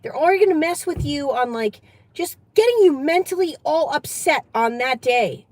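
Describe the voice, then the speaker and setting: A woman's voice: high voice, lively intonation, moderate pace, no echo, poor audio. A woman who hosts her own channel, talking casually and emphatically, often repeating her points. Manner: chatty, emphatic, repeats herself. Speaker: channel host giving advice. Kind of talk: casual advice vlog.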